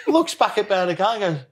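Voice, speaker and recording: A man's voice: sits high, wildly swooping pitch, moderate pace, breathy edge. A man, a professional golfer, telling an anecdote in a podcast chat, laughing as he acts out what others said. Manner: laughs through his stories, acts out quotes. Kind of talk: anecdotal storytelling.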